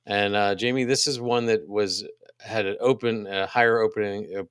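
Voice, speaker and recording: A man co-hosting a podcast, casually reading out upcoming events, halting with many ums and restarts. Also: on the low side, fairly even intonation, fairly bright tone, clean tone, no echo, clean studio sound. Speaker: podcast co-host.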